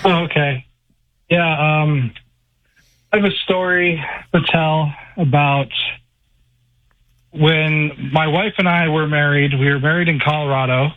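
A man's voice: a little high, fairly even intonation, dry recording. Rambling male caller on a tinny phone line. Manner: halting and rambling, full of "like" and restarts. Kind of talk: telling a personal story on a call-in show.

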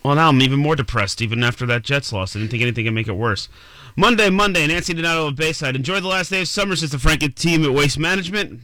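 A man reads listener messages on morning radio, quick and playful. His voice is bright and forceful, and the studio sound is dry and close. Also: fairly high pitch, expressive, dry recording. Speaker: radio show host. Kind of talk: morning radio shout-outs.

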